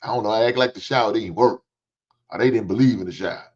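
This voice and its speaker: A man's voice: on the low side, fast talker, darkish tone. A middle-aged man, hosting a livestream in casual, joking storytelling chat and swearing freely. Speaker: livestream host. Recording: dull lo-fi stream audio.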